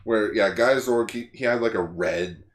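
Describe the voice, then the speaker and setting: A man co-hosting a podcast, retelling a plot in animated casual chat. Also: on the low side, normal speed, roomy sound. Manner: animated retelling, lots of fillers. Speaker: podcast co-host.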